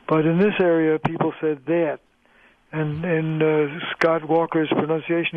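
A man's voice: on the high side, steady tone, moderate pace, no room sound. A man who is a linguistics professor, patiently explaining as a guest on a radio interview. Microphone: phone line. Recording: tinny phone line, dry.

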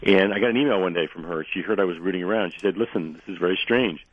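A man guest on a radio show telling long anecdotes in a rambling way, losing his voice and clearing his throat often. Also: deep voice, quick pace, no echo. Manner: rambling anecdotal storyteller, frequent restarts. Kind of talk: radio interview, storytelling. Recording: dry narrow phone-line sound.

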